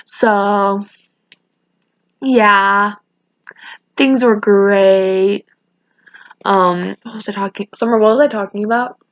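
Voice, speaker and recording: A woman's voice: medium pitch, steady tone, slow, pauses often, no room sound. A teenage girl telling a casual, rambling storytime rant, often restarting her sentences and sounding emotional. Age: teens. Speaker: vlogger. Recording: dull lo-fi sound.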